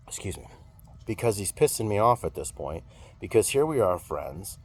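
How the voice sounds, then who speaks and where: A man's voice: lowish voice, big pitch swings, unhurried, husky. A man telling a story in a casual venting monologue, rambling and swearing freely. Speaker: vlogger venting.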